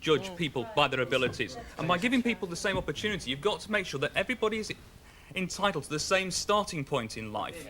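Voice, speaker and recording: A man's voice: sits high, very animated, fast talker, sharp tone. A man in a studio audience arguing insistently for equal opportunity. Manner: insistent, argumentative. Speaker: audience member.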